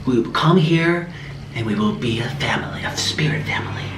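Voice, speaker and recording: A man voicing an eccentric new-age woman who runs spiritual retreats, in a whispered role-play with a hushed, mystical manner. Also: rumbling low, lively intonation, a little fast, reverberant, music in the background, voice pushed down.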